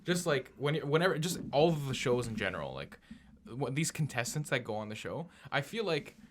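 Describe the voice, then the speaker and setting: A young man co-hosting a casual podcast, throwing in short, quick remarks. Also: mid-range voice, sing-song, a little hiss or hum. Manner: quick, short interjections and back-channel remarks. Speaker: podcast co-host.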